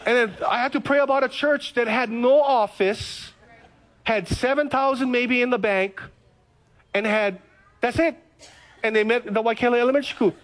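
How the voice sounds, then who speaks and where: A middle-aged man from Hawaii, a pastor preaching a sermon, telling stories from his own life and acting out his past prayers. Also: extremely high pitch.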